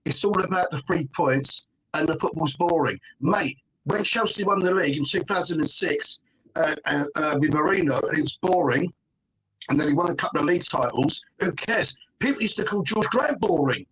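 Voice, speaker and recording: A man's voice: on the high side, expressive, moderate pace, a bit bright. A middle-aged man, a guest on a fan panel, arguing emphatically in casual chat, forever tossing in "mate" and "right?". He is joining over a phone call.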